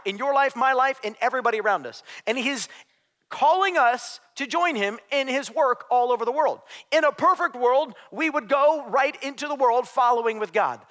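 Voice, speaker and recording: Bright high-voiced male pastor preaching. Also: normal speed, in a large hall. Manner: emphatic, conversational preaching with side notes. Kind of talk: sermon. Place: church sanctuary.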